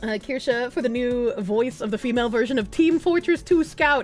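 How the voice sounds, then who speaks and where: A woman streamer chatting casually and reading chat aloud, giggly and animated, with a slightly rough throat. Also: fairly high pitch, normal speed, faint music behind.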